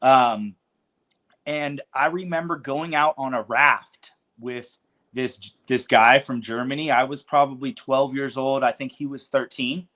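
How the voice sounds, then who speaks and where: A man's voice: mid-range voice, fairly even intonation, unhurried, sharp tone. A man in his forties from California, a podcast guest telling stories in a laid-back, slangy way with lots of filler words and casual swearing. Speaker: podcast guest, cannabis business founder. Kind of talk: casual storytelling interview.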